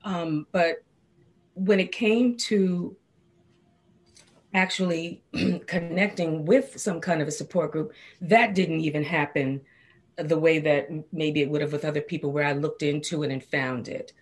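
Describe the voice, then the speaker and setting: A woman, a cancer survivor and studio guest, telling her personal story with lively, expressive delivery. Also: a little slow, slightly rough. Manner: expressive, acts out quoted dialogue with big pitch swings.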